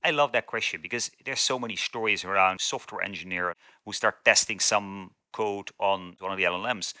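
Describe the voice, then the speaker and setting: A man's voice: fairly low pitch, moderate pace, sharp tone, dry recording. Man, consulting guest, methodical step-by-step, dry close recording. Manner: structured, lists steps methodically. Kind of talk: business interview.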